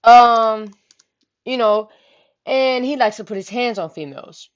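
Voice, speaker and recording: A young woman vlogger tells a story casually and unhurriedly in a slightly high voice, full of slang and "you know what I'm saying." The home recording sounds dull and lo-fi.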